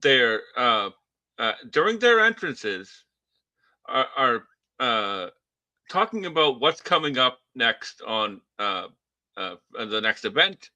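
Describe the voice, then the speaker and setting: A man with a Boston accent co-hosting a wrestling podcast in casual chat, stammering and halting with many fillers. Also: mid-range voice, sing-song, bright, forceful tone, no room sound.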